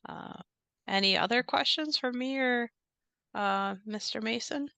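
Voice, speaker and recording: A woman's voice: on the high side, a little slow, vocal fry, pushed and bright, clear, resonant tone, dry recording. A woman running a tabletop horror game as game master, speaking casually with some hesitation.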